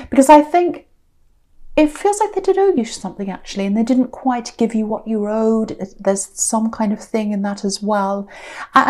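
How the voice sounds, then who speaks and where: A woman giving a casual tarot reading to camera, musing aloud with frequent restarts and a soft, confiding way of talking. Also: a little high. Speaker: tarot reader.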